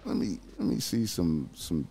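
A man riffing in profane, rambling casual commentary, circling back over the same phrases again and again. His voice sits fairly low but leaps into high, disbelieving yelps. Soft music plays faintly underneath. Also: huge pitch swings, moderate pace, creaky. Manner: rambling, repetitive, bursts into high-pitched incredulous outbursts.

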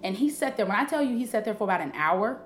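A woman's voice: a little high, quick pace. Woman, comedian, casual storytelling, roomy echo. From Illinois. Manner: animated storytelling, profane. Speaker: comedian guest. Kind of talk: casual podcast chat.

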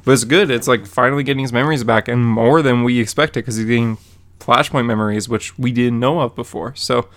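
A man's voice: medium pitch, fairly quick, a bit bright. A man co-hosting a podcast, recapping a comic issue in a rambling, casual way with lots of fillers and quoted dialogue. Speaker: podcast co-host.

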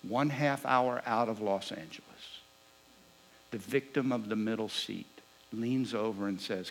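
A man preaching a sermon, telling a personal story with lively swings between loud bursts and hushed asides. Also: fairly low pitch, unhurried, low-quality recording.

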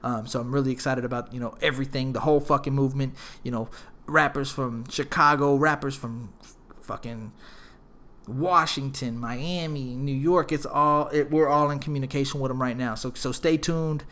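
A man's voice: medium pitch, steady tone, moderate pace, fairly bright tone. A male podcast host rambles through stories and announcements in loose, slang-filled talk. He curses freely and leans on lots of fillers. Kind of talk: casual storytelling.

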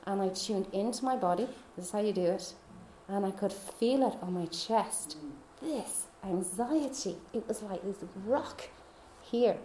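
A woman's voice: medium pitch, unhurried, few pauses, mellow, slight background noise. A woman podcast host telling her personal faith testimony in a heartfelt, confiding way. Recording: roomy echo.

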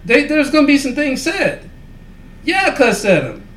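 A man's voice: very high-pitched, wildly swooping pitch, normal speed, a bit bright. A man co-hosting a podcast, telling a rambling, profane story in casual chat, full of fillers. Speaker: podcast co-host. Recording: echoey room with faint ambient noise.

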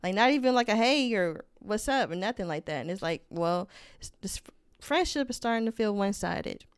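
A woman's voice: mid-range voice, lively intonation, brisk, clean tone, dry recording, clean studio sound. A young woman co-hosting a casual podcast, talking hesitantly about a one-sided friendship, often trailing off and restarting. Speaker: podcast co-host. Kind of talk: casual advice chat.

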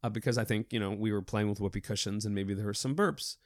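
Animated man telling hospital clown stories. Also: on the low side, fast talker, no room sound, studio quality. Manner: animated, lively storyteller with many restarts. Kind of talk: podcast interview storytelling.

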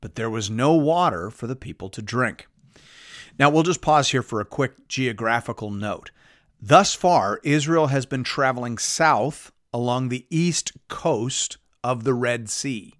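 A man's voice: mid-range voice, fairly bright tone, no echo. Dry-voiced man preaching and explaining scripture. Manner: measured, explanatory, reads scripture aloud with emphasis. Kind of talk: Bible reading with teaching commentary.

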